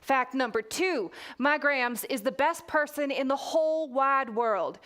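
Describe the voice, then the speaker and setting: A proud, sassy young girl storyteller from a children's book, as a woman reads her out. She has a Texas accent, a slightly high voice and a cheeky, matter-of-fact way of listing her facts. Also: lively intonation, measured pace, a bit bright. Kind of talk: reading a children's book aloud.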